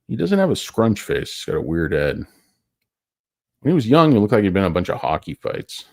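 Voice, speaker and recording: A man's voice: on the low side, sing-song, fairly quick, dry recording, studio quality. A tired man hosting a stock market show, rambling through casual, profane, joking commentary that wanders off topic.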